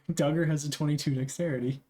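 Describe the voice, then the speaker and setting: A man's voice: a little high, steady tone, fairly quick, a little mellow. Rambling young male game master. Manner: rambling, casual, many fillers and asides. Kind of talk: narrating a tabletop game.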